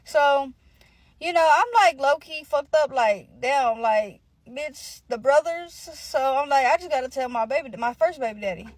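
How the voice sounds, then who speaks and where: A woman's voice: high-pitched, lively intonation, normal speed, dry recording, poor audio. A young adult woman telling a casual storytime, rambling, slangy and profane, often calling out to her listeners.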